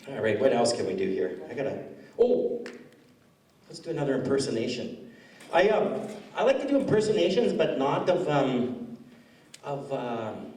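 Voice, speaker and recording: A mellow, medium-pitched male voice belongs to a man doing stand-up in a school hall, telling stories in a rambling, chatty way. The recording is echoey and captured from far off.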